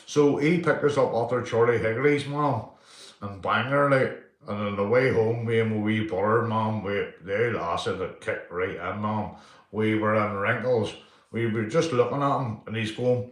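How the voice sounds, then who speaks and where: A middle-aged man with a Northern Irish accent, telling rambling true stories and giving shout-outs on a live stream. He swears freely, laughs through his tales and keeps tagging lines with "mate". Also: medium pitch, normal speed. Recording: roomy echo.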